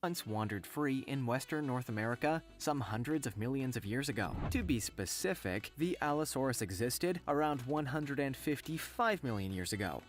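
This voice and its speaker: A man's voice: mid-range voice, lively intonation, normal speed, few pauses. Man narrating a countdown over music. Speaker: narrator of a list video. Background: faint background music.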